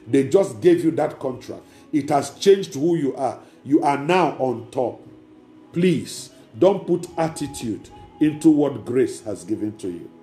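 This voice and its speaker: Pastor preaching in an echoey hall. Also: male voice, medium pitch, lively intonation, measured pace, warm tone, faint music behind. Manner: emphatic, repetitive preaching with direct address. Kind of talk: sermon.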